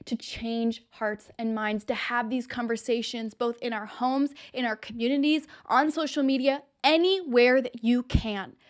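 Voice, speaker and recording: A woman hosting her own show, delivering impassioned, emphatic opinion commentary straight to the viewer. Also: on the high side. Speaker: show host.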